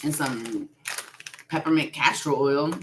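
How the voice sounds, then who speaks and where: Low-voiced woman chatting bluntly on a live stream. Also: slow pace, noisy background. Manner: blunt, laughs often, swears freely. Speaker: spiritual vlogger. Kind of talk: casual live-stream chat.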